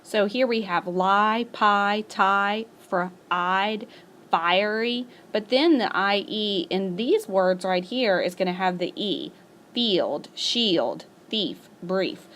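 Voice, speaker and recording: A woman teacher recording a spelling lesson as a voice-over for her class. She talks patiently and slows down to stretch out each example word. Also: mid-range voice, animated, fairly bright tone. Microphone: screencast voice-over.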